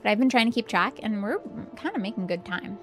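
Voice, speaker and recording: A woman streamer chatting casually during a game in a relaxed, chatty way. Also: mid-range voice, fast, soft background music. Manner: relaxed, chatty, hums along. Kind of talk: casual gameplay chat.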